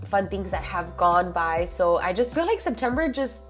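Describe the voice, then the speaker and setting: A woman's voice: medium pitch, very animated, moderate pace, faint music behind. A young woman hosting a podcast, chatty and gushing, slipping Spanish phrases into her English. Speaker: podcast host. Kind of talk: casual chat.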